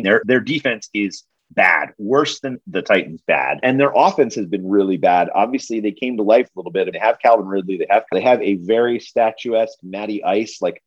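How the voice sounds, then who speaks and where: A man hosting a casual sports podcast, jokey and steering the chat from topic to topic. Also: on the low side. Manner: jokey, drives the talk and sets up bits. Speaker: podcast host. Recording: slightly dull lo-fi sound.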